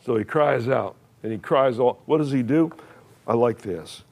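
A man's voice: mid-range voice, moderate pace, gravelly, a little mellow, slightly rough. Emphatic man preaching a sermon. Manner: emphatic, repeats words and phrases, asks the listeners questions; frequent uh fillers and restarts, plain folksy wording. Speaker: pastor.

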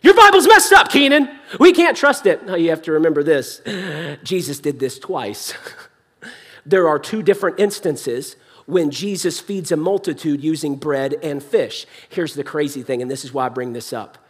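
A man's voice: fairly high pitch, moderate pace, a little mellow, husky. A young adult man preaching a sermon in a church hall, impassioned yet conversational.

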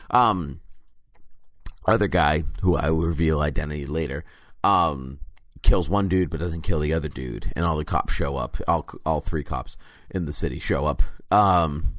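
A man's voice: rumbling low, measured pace, fairly bright tone, dry recording, studio quality. A man co-hosting a podcast, chatting casually and slipping into silly character voices. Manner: jokey, does silly character voices mid-story. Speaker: podcast co-host. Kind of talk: casual chat recapping a TV episode.

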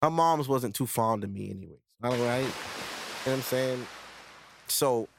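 A man's voice: medium pitch, moderate pace, gravelly, background noise. Candid young man telling a story. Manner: candid, profane, street slang. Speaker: podcast host. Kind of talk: casual storytelling monologue.

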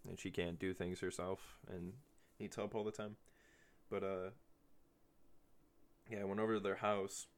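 A man's voice: sits low, flat delivery, measured pace, pauses often. A man in his twenties rambling casually on a podcast, swearing freely and laughing often. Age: 20s. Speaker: podcast host.

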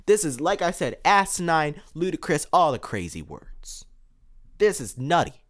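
Male podcast host, indignant and impassioned, lively swinging pitch, stumbles and repeats. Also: a little slow. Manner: fired-up, indignant, restarts and repeats words.

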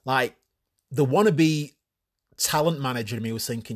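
A man's voice: mid-range voice, moderate pace. A man hosting a solo podcast in a casual, crude way, swearing freely and mocking himself. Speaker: podcast host.

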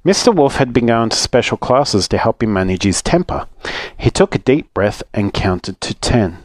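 A man with an Australian accent, reading a children's story aloud as a storytelling dad, with an expressive read-aloud manner. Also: fairly low pitch, normal speed, dry recording.

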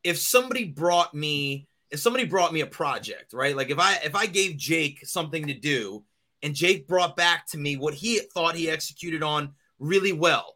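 A man co-hosting a podcast in casual chat, animated, laughing often and leaning on "like" fillers. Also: on the high side, moderate pace. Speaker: podcast co-host.

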